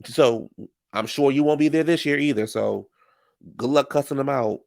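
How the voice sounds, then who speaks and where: A man's voice: medium pitch, moderate pace, gravelly, darkish tone. A man giving casual, sassy reality-TV recap commentary, full of slang like "child" and "honey.".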